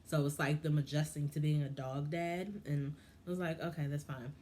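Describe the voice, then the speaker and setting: Woman, low voice, opinionated vlog commentator, heated and frustrated, faint background hiss. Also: steady tone, moderate pace, warm tone. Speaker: vlogger reviewing a reality show. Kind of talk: casual commentary.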